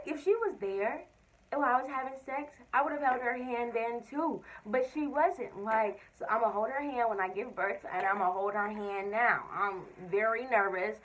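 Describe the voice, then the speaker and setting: A young woman tells a story-time vlog. Her voice is fairly high, and she keeps jumping into voices for what people said. She sits a little away from the mic, so the sound is a touch distant. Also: slight background noise. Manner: animated, expressive storytelling with quoted voices. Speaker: vlogger.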